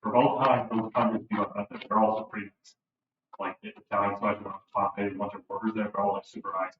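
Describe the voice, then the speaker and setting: A man's voice: on the low side, level tone, quick pace. A male student telling a rambling story in class, often restarting his sentences. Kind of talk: casual classroom chat. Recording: distant, echoey, dull, slight hiss.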